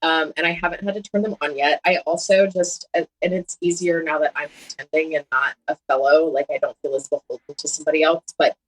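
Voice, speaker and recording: A woman's voice: deep voice, fairly even intonation, quick pace, few pauses, low-quality recording. A woman in her thirties, a surgeon and podcast guest, chatting candidly and poking fun at herself, often laughing as she talks. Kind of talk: casual conversation.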